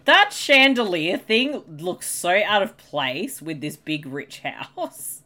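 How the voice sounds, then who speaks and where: A woman's voice: on the low side, very animated, slow pace, bright, forceful tone. A woman co-hosting a casual movie commentary, questioning and puzzling over the plot. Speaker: co-host.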